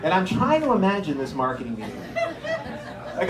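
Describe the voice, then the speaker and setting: A man doing an animated stand-up comedy set, telling stories with incredulous acted-out bits. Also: a little high, fairly quick, pauses often. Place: comedy stage before a live audience. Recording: echoey room.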